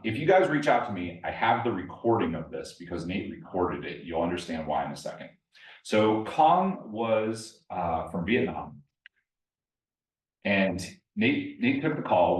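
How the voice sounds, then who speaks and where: A man giving a live presentation at an investor meetup, telling stories and putting questions to the audience. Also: on the low side. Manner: storytelling, addresses the audience directly with questions. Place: meeting room with a live audience. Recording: echoey room, mic at a distance.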